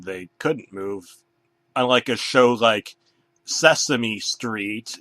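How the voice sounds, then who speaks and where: A man narrating a comedic horror story in a deadpan, crude manner. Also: on the low side, dry recording.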